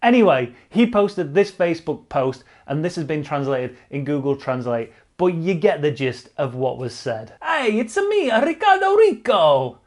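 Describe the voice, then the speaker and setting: A man's voice: on the high side, expressive, normal speed, few pauses, a little mellow. A man hosting casual online cycling news commentary, blunt and sarcastic, swearing freely and repeating himself for emphasis.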